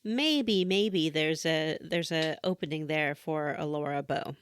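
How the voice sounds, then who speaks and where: A woman co-hosting a gaming podcast, reading trivia and teasing her co-host in a dry, deadpan way. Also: sits low, measured pace, clear, resonant tone. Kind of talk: casual podcast chat.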